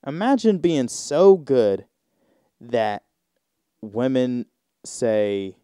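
A man hosting a casual solo podcast, reading search results aloud and riffing on them in a rambling, drawn-out way with sudden mocking outbursts. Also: medium pitch, sing-song, mellow, clear, resonant tone, no room sound, studio quality. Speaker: podcast host.

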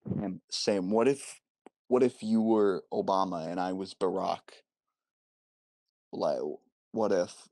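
A man's voice: sits low, fairly even intonation, slow, creaky, pauses often, darkish tone, no room sound, poor audio. A man rambling in silly casual voice messages, with many restarts. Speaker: voice-message sender.

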